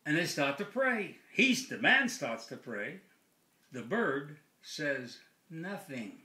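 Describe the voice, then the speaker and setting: A man telling a long joke in a relaxed, unhurried storytelling manner. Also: fairly high pitch. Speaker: joke teller. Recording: echoey room.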